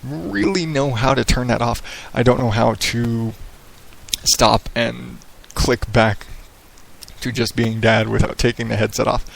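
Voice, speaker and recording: Gravelly man rambling on his podcast. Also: mid-range voice, a little slow, rough recording. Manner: rambling, profane, laid-back radio-style delivery. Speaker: podcast host. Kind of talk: casual solo podcast monologue. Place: small echoey home office with hardwood floors. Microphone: headset microphone.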